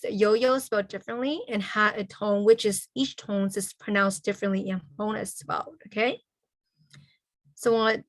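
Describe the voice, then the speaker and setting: A woman teaching a language class over a video call. She spells out letters and sounds slowly and keeps checking in with "okay?" after nearly every point. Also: medium pitch, no echo. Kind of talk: online language lesson.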